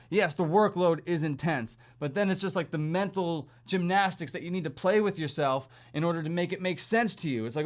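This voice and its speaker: A man's voice: sits high, brisk, few pauses. A young man ranting in an angry vlog, exasperated and sarcastic, swearing often. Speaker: vlogger and coffee shop worker.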